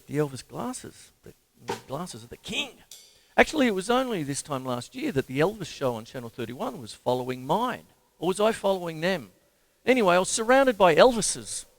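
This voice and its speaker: A man with an Australian accent giving a casual, jokey drum lesson and counting the stickings out loud. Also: fairly high pitch, big pitch swings, moderate pace. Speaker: drum teacher. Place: home drum studio. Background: loud drum kit playing.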